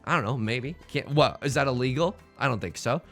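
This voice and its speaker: Lively, jokey man commenting on a game. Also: mid-range voice, fairly quick, faint music behind. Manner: rambling, playful, jokey asides. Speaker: let's play host.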